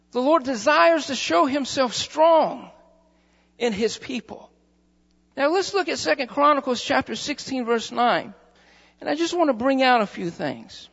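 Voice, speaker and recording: Male pastor, very high and gravelly voice, fervent repetitive sermon; muffled recording, long hall reverb. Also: fairly bright tone. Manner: fervent, repeats phrases for emphasis.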